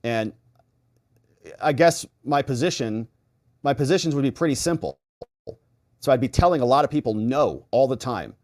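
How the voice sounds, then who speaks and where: A middle-aged American man hosts a live stream with a lot of swing in his voice. He reads viewer comments and thanks donors in a casual, chatty way, and acts out quick back-and-forths as he goes. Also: mid-range voice, no room sound, studio quality. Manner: animated, chatty, acts out little exchanges.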